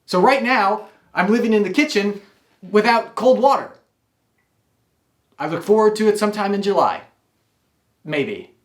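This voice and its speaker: A man's voice: high-pitched, expressive, unhurried, pauses often, roomy sound. Wry man telling a personal story. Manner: wry, confessional.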